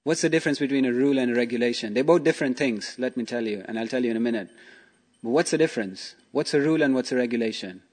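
A man's voice: mid-range voice, very fast, a little mellow. A man giving a casual spiritual talk as a teacher, telling stories and asking rhetorical questions. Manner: chatty, asks rhetorical questions, frequent 'you know' and 'okay'.

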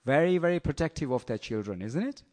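A man giving a storytelling sermon in an animated, teasing way, often asking his listeners questions. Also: medium pitch, fast. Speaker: preacher.

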